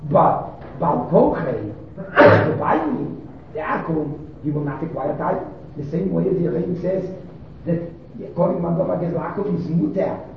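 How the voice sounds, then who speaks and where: A man teaching Talmud, working through the text in short repeated phrases. His voice is a little high and rough with gravel. He sits well back from the mic in a very echoey room, and the recording sounds dull. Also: expressive, normal speed, recorded from a distance, noisy background. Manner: explains in short repeated phrases, restarting and emphasizing. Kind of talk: Talmud study lecture.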